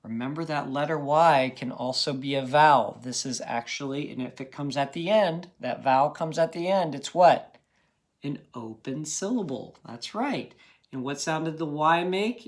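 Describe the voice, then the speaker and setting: A man's voice: fairly high pitch, lively intonation, a little slow. A man teaching a phonics lesson to children, patient and encouraging, checking in often with "okay?".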